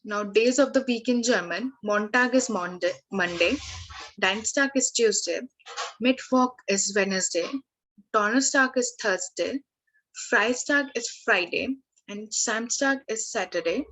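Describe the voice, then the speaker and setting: A woman tutor teaching at a slow, deliberate pace. She reads through word lists carefully, pausing on fillers and restarting her phrases. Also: medium pitch, fairly bright tone, low-quality recording. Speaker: language tutor. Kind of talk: online lesson, reading word lists.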